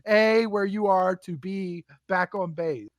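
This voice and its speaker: A young man casually telling a story, animated and swearing freely, acting out what people said. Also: sits high, takes it slowly, dry recording. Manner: animated, swears a lot, acts out quotes. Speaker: podcast guest telling war stories.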